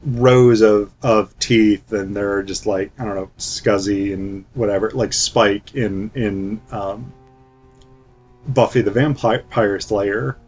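A man's voice: on the low side, fairly even intonation, slow. A man giving casual film commentary in a flippant, chatty way, with lots of fillers. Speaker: film reviewer. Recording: dull lo-fi recording with faint music.

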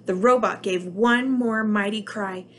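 A preschool teacher reads a picture book aloud to young children, telling the story with plenty of expression. Her voice sits at a middle pitch. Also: a little slow, a little hiss or hum.

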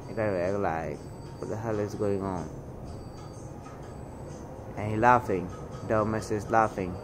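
A man's voice: lowish voice, steady tone, a little slow, music in the background. A store cashier, a man, narrating security footage with heated, indignant commentary and name-calling. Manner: indignant, heated, calls people names. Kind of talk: angry commentary over video.

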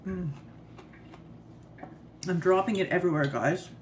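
In her home kitchen, a woman films a casual cooking vlog, chatting and praising her own food as she eats on camera. Her mid-range voice is animated and unhurried, with slight background noise.

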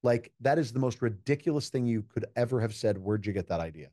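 Mellow-voiced man telling stories earnestly. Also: mid-range voice, animated, quick pace, few pauses, dry recording, studio quality. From United States. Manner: earnest, reflective storytelling with quoted dialogue. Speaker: keynote speaker and juggler, podcast guest. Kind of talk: casual interview conversation.

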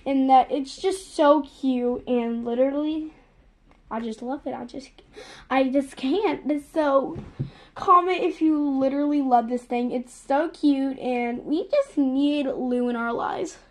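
A young woman filming a casual unboxing vlog, gushing and excitable, piling up "literally" and "so excited". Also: high-pitched, a little slow. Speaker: vlogger.

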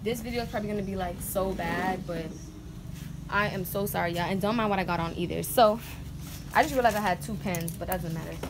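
A woman vlogging on her phone outdoors at home, chatty, excitable and full of slang. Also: mid-range voice, fast talker. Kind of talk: casual vlog chat. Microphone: phone camera. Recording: clear outdoor background noise. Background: neighbors' music, outdoor ambience.

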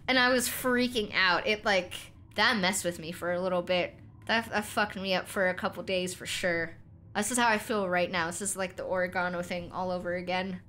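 A woman's voice: mid-range voice, brisk, sharp tone, slight background noise. A young woman from North America chatting casually while streaming a game, rambling with restarts and frequent giggles. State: voice cracking. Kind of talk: casual gameplay commentary.

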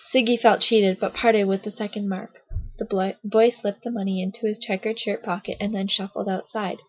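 A woman reading a children's novel aloud, in a steady storytelling manner with small slips. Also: mid-range voice, normal speed, husky. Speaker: reader, narrator. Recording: dull lo-fi recording.

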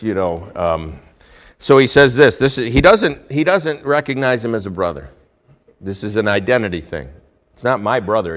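A male pastor with a fairly low voice preaches a sermon, telling a Bible story and swinging lively between hushed and loud delivery.

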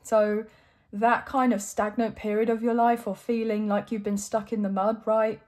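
A woman's voice: fairly high pitch, little pitch movement, moderate pace, darkish tone. A young adult woman giving an encouraging, emotional tarot reading to her viewers, at times choked up. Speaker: tarot reader.

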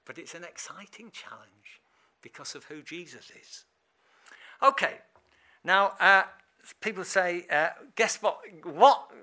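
A man preaching an informal sermon in church, chatty and animated, laughing often. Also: sits high, measured pace, pauses often. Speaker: lay preacher.

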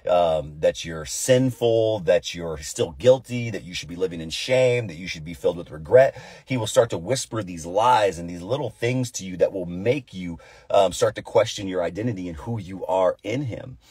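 A man's voice: deep voice, normal speed, few pauses, a little mellow, breathy edge, no echo. A man giving an informal devotional Bible teaching, earnest and repeating phrases for emphasis.

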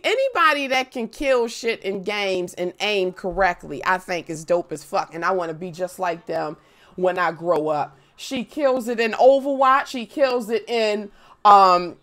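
A young woman live-streaming a game, chatting casually with viewers, playful and profane, breaking into loud squeals when she greets people. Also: on the high side. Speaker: gaming streamer.

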